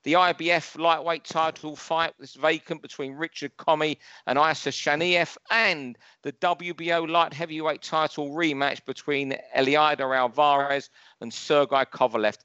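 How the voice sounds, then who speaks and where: A man's voice: a little high, steady tone, moderate pace, pushed and bright, clear, resonant tone, no room sound, highs cut off. A man with a London accent, talking boxing as a pundit on a casual podcast, chatty and opinionated, given to rants. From London, England.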